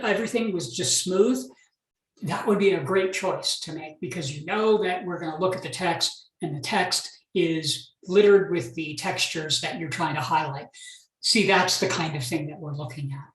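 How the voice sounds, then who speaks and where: A man, an art professor, giving recorded feedback on student photographs in a measured, reflective way with many pauses and restarts. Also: sits high, a bit bright, echoey room, poor audio.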